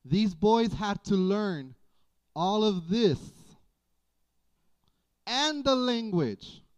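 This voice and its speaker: A man preaching a sermon as pastor, in a folksy, animated way with playful asides. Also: high voice, very slow, clear, resonant tone. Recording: dull lo-fi church audio.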